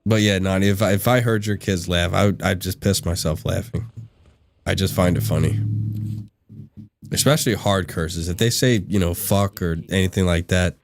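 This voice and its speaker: A man's voice: low-pitched, moderate pace, vocal fry. A man hosting a live gaming stream, chatting casually with his viewers, laughing often and answering the chat as he plays. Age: adult. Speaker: livestream gaming host.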